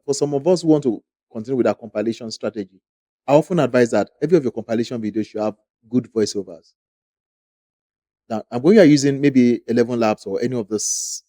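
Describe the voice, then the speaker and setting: Reacting to online videos over a screen share, the YouTube host keeps things casual yet emphatic, repeating words to drive them home. His voice is mid-range with a darkish tone.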